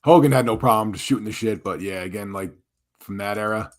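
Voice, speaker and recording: A man's voice: fairly low pitch, fast. A man co-hosting a live podcast in casual chat, joking and crude, often laughing. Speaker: podcast co-host.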